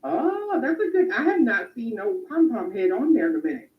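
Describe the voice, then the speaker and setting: A woman's voice: on the high side, sing-song, brisk. A woman co-hosting a casual stream and reading super chats, blunt, mocking and profane. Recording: roomy, dull lo-fi audio.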